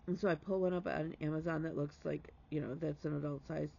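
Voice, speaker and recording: A man's voice: fairly high pitch, steady tone, brisk, vocal fry, dark tone, highs cut off. A man hosting a stitching vlog, telling a heartfelt story in casual chat and dropping to a whisper for emphasis.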